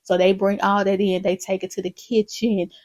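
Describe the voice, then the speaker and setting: A woman hosting a casual recap, retelling a sitcom episode and acting out the characters' lines in an animated way. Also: medium pitch, moderate pace, no room sound. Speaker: recap video host.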